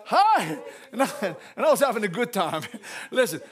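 Pastor, male, very high voice; exuberant call-and-response sermon, frequent laughs and shouts. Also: lively intonation, fairly quick. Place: church.

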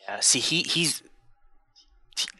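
A man chatting casually about a video game, animated and quick to act out characters' lines. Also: medium pitch, husky, low-quality recording. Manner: animated, acts out characters in quotes. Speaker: podcast co-host.

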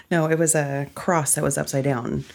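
A woman answering questions in a relaxed, somewhat hesitant casual chat. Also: low-pitched, vocal fry.

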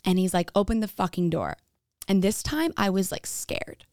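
A woman's voice: medium pitch, expressive, normal speed, a little mellow, no echo, studio quality. A young woman candidly telling her own story in a casual way, acting out what others said. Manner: candid, frequent "like", acts out quoted dialogue.

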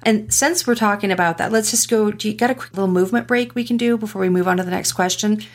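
A woman's voice: mid-range voice, fast talker. A woman hosting a casual interview, asking short questions and adding brief supportive remarks. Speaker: interviewer host.

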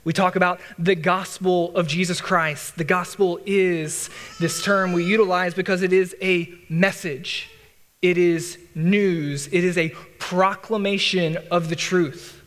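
A man's voice: high voice, fairly even intonation, measured pace, a bit bright, in a large hall. A man teaching through a Bible passage in a conversational way, with restarts and casual asides. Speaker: pastor.

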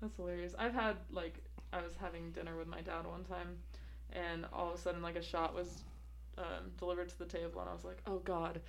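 Blunt, profane young woman with a lowish voice. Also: level tone, brisk, vocal fry, slight background noise. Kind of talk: casual chat.

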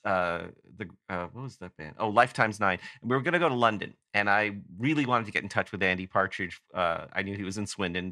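Bright-voiced Canadian man rambling through a story. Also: on the low side, no echo, studio quality. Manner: rambling, self-interrupting storyteller. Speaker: podcast guest. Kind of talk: casual anecdote telling.

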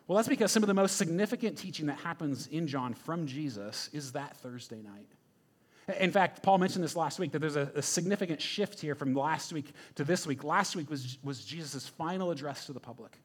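His pitch is fairly high, with a breathy edge, and he talks fairly quickly. The pastor's sermon feels conversational and emphatic, full of "right?" asides that check in with those listening.

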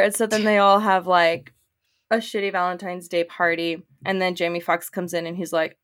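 A woman co-hosting a casual podcast, retelling movie scenes and acting out the characters' lines in quick quoted bits. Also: fairly low pitch, level tone, fairly bright tone, clear, resonant tone. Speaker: podcast co-host. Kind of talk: casual chat.

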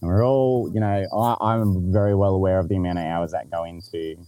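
A man's voice: low-pitched, steady tone, a little fast, dark tone. A man with an Australian accent telling a story in casual podcast chat, laid-back, swearing freely and laughing along.

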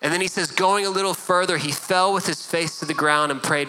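A man's voice: fairly high pitch, a little fast, few pauses, bright, forceful tone, a little hiss or hum, rough recording. A middle-aged man preaching a sermon as a pastor, earnest and conversational, often repeating words as he goes.

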